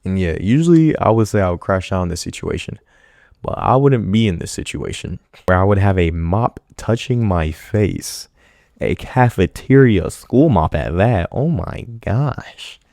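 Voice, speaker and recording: Male commentator, casual reaction talk, low voice with lively swings, jokey and slangy. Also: measured pace, creaky, no room sound, studio quality. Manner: animated, joking, laughing, slangy.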